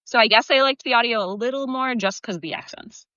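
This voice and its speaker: Female co-host, bright voice, chatty and animated, dry and somewhat muffled. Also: fairly high pitch, quick pace, dry recording. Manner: chatty, animated, many fillers. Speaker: podcast co-host. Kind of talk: casual chat.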